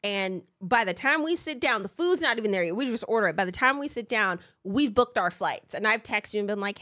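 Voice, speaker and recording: A woman's voice: mid-range voice, animated, fairly quick, few pauses, sharp tone, no room sound, studio quality. A woman in her thirties co-hosting a casual podcast, talking animatedly, swearing freely and acting out the people she quotes. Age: 30s. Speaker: podcast co-host. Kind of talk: casual chat. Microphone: podcast mic.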